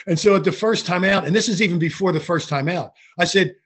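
An older man, a retired basketball referee, telling animated stories from his career in an interview. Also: high voice, fast talker, slightly rough. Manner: animated anecdotal storytelling with frequent restarts. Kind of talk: storytelling interview.

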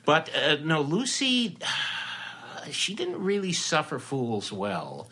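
Bright-voiced older man telling stories. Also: on the high side, wildly swooping pitch, slow pace, breathy edge. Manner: chatty anecdotal storyteller, frequent fillers and restarts. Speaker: entertainment reporter, guest. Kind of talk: casual storytelling interview.

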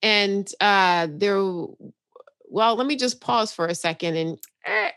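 A woman's voice: mid-range voice, takes it slowly, fairly bright tone, no room sound. A woman from New York speaks as a podcast guest in a mid-range voice, telling a personal story with candid animation and easy laughter. The sound is dry and close, with no room around her. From New York, United States. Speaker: psychotherapist guest.

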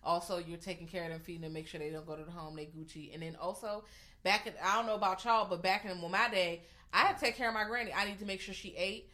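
A woman's voice: lowish voice, fairly even intonation, fast talker, bright, forceful tone. A woman co-hosting a casual movie review chat, blunt and emphatic, swearing freely. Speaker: podcast co-host.

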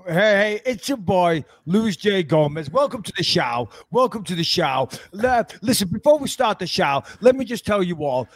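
A man's voice: sits high, very animated, moderate pace, hardly any pauses, no echo. A man impersonating a brash, profane podcast host who rambles and repeats his pet phrases. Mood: brash hype. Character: brash loud-mouthed New York podcast host man.

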